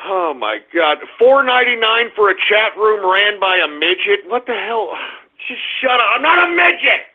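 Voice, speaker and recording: A man hosting a radio show, ranting in exasperation at his chat room, swinging between groans and shouts. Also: high-pitched, very animated, moderate pace. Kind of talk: exasperated live call-in banter. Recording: tinny phone-line sound.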